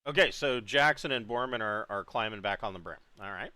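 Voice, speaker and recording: A man's voice: on the low side, a little fast, sharp tone, dry recording. A man running a tabletop game as game master, easygoing and thinking aloud as he goes.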